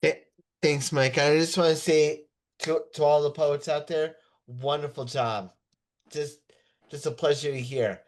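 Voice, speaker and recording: A man with a slightly raised pitch introduces his poem at an open mic. He talks casually and haltingly, stopping often to search for words. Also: steady tone. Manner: hesitant, with many fillers and restarts.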